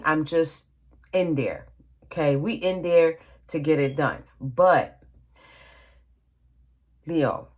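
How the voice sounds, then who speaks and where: A woman tarot reader giving a casual reading at her table, talking straight to the viewer and often checking in with "okay?" and calling them "honey". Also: deep voice. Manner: chatty, addresses viewer directly, frequent "okay?" and "honey".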